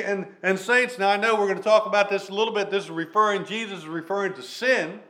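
A man preaching a sermon, reading scripture aloud and then explaining it with plain talk, stressing key words slowly. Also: sits high, steady tone, pushed and bright. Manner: reads scripture in King James wording, then preaches with fillers and restarts.

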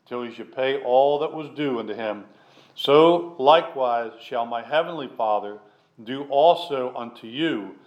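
A man preaching a sermon, reading scripture aloud and then explaining it with plain talk, stressing key words slowly. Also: a little high, fairly bright tone. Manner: reads scripture in King James wording, then preaches with fillers and restarts.

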